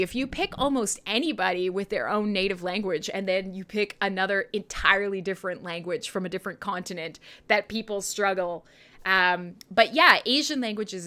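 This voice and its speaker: Canadian lady rambling on her livestream, bright voice, laughs a lot, pitch all over. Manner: chatty, rambling, laughs often. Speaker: livestream radio host. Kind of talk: casual livestream chat, reading chat questions.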